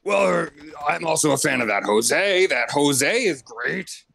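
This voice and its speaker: A man playing a hesitant, starstruck fan calling into a show, halting and full of fillers. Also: fairly high pitch, lively intonation, gravelly, sharp tone, exaggerated voice. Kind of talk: improvised comedy role-play.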